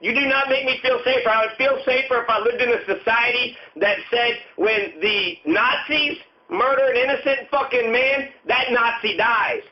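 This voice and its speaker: A man with a very high-pitched voice delivers a furious rant full of cursing and repeated lines. The sound is dull and lo-fi, with the top end muffled. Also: moderate pace. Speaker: commentator. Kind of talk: angry profane rant.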